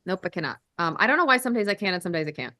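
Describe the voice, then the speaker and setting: A woman's voice: on the low side, lively intonation, rapid-fire, pushed and bright, dry recording. A woman hosting a telehealth livestream, chatting casually and joking at her own expense, with the odd swear.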